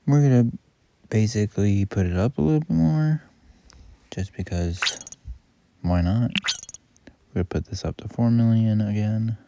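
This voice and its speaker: A man with a deep, rough, fry-laden voice talks through a game he is playing. He rambles casually and corrects himself often. A heavy hiss of noise sits under the recording. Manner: rambling, self-correcting, offhand. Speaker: gaming YouTuber. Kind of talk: casual gameplay commentary. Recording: loud background noise.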